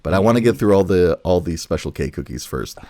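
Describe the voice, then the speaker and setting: A man co-hosting a casual podcast, excitable and swearing freely, a little tipsy from wine. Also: deep voice, quick pace, no room sound, studio quality. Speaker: podcast co-host. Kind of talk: casual chat.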